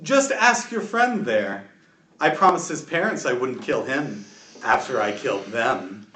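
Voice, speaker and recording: A man's voice: animated, measured pace, sharp tone. A man voicing a towering, cruel male half-dragon warlord who taunts his foes, recorded in an echoey room from a distant mic with faint noise. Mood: smug. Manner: booming, taunting, theatrical.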